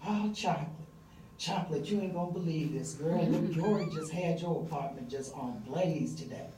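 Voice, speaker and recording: A woman's voice: sits low, normal speed, mellow, far from the mic, slight background noise, lightly acted. Nosy neighbor woman done by a female storyteller, gossipy, breathless, dramatic, roomy live-stage sound. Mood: gossipy, eager.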